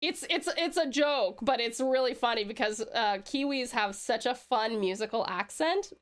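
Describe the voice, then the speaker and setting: Australian female streamer, high and lively, giggly, swears freely, chats with viewers. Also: moderate pace. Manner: giggly, excitable, swearing, reads chat aloud. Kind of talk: casual live stream chat.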